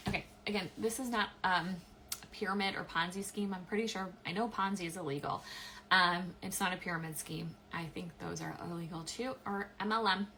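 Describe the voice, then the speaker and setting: A woman's voice: lowish voice, sharp tone, slight background noise, poor audio. A young adult woman hosting a casual live stream, chatting with many "um"s and restarts as she answers viewer questions. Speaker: live-stream host, affiliate marketer.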